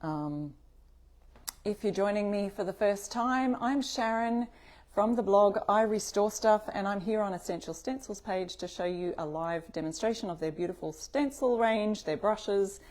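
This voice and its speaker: A woman's voice: mid-range voice, moderate pace, darkish tone. A woman with an Australian accent hosting a live craft tutorial stream, chatting and greeting viewers by name.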